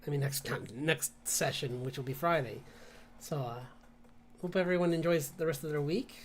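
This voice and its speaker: A man's voice: a little high, moderate pace, a little hiss or hum. A man streaming his drawing session, chatting casually, rambling and laughing often between remarks. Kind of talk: casual live-stream chat.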